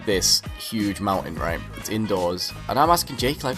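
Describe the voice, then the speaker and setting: A young man with a British accent telling a comic story to camera, animated and exaggerated, swearing freely. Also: fairly low pitch, normal speed, faint music behind. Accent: British English. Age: young adult. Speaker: vlogger.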